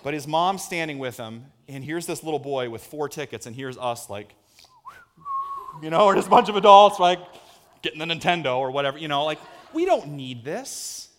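Male pastor, sermon, animated storytelling, slightly high voice, church hall. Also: a little fast, a little hiss or hum. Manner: animated storyteller, acts out voices with big pitch jumps.

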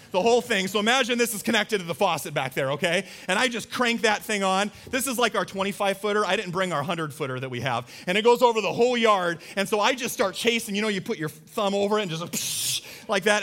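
A man in his thirties preaching a sermon to a live congregation in a church, telling stories with lively energy and acting out a child's voice. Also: fast talker, few pauses. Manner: animated storytelling, voicing his child in high squeals. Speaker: pastor.

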